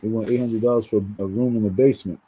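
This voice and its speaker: A man's voice: fairly low pitch, fairly even intonation, quick pace, mellow, slightly rough, low-quality recording. A man from New York talking straight to his viewers in a rambling commentary, often repeating words and calling them folks. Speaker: vlogger. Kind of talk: casual commentary monologue.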